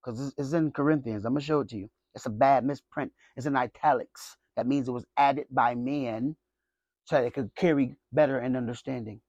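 A man pastor preaching a sermon, emphatic, with frequent questions to the congregation and sharp swings between loud high bursts and low quiet asides. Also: brisk, no echo, highs cut off.

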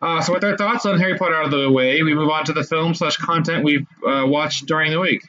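A man's voice: a little high, fast, crowd noise. A man hosting a podcast in casual chat, easygoing and steering the talk. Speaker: podcast host. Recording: muffled lo-fi audio.

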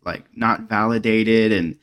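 A man hosting a casual podcast chat, talking in a warm, openly affectionate and encouraging way. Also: fairly low pitch, steady tone, unhurried. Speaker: podcast host.

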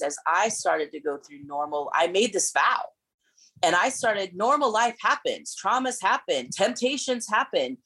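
A woman's voice: low voice, fairly bright tone, slightly rough, poor audio. A woman in her forties, a pastor and speaker, giving candid personal testimony as an interview guest, earnest and tumbling over her words with restarts.

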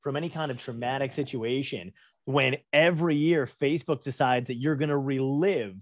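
A man's voice: medium pitch, moderate pace, no room sound. An American man with a mid-range voice rants on a podcast, loose and profane. The sound is dry and close, with no room around it. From United States. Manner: profane, animated ranting. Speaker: comedian guest. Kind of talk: casual podcast conversation.

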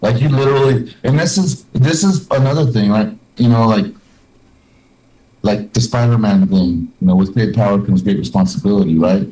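Young male podcast host, mellow tone, rambles and restarts mid-thought. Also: on the low side, normal speed, low-quality recording. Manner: rambling, many restarts and fillers. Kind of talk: casual podcast chat.

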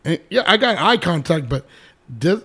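A man's voice: high voice, animated, moderate pace, fairly bright tone, breathy edge. A man who coaches youth sports, chatting on a podcast and retelling stories in an easygoing way. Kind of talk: casual storytelling.

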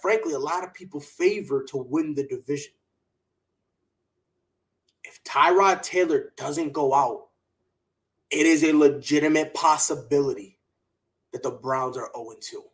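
A fairly high-pitched man, heard through poor audio, hosts a sports podcast. Opinionated and animated, he goes on heated rants and mocks people by quoting them in a put-on voice.

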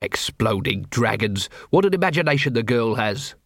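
A man's voice: medium pitch, big pitch swings, normal speed, no echo. A man voicing a dry, world-weary middle-aged watch captain in an audiobook.

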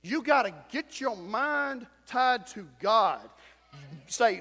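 Man, pastor, high voice, emphatic preaching, long church reverb. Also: animated, slow, bright, forceful tone. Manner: emphatic preaching with repetition, acted-out quotes. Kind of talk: sermon. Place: church sanctuary.

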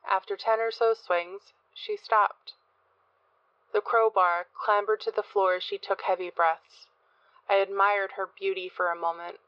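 A woman reading a first-person horror story as narrator in a measured, dark manner. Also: medium pitch, no room sound, dull audio. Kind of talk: scripted horror audiobook narration.

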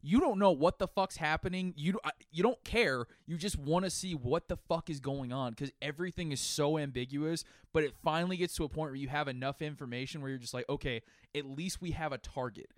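A man co-hosting a podcast, bantering casually with lots of swearing, quick laughs and mock voices. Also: a little high, no room sound, clean studio sound. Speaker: podcast co-host.

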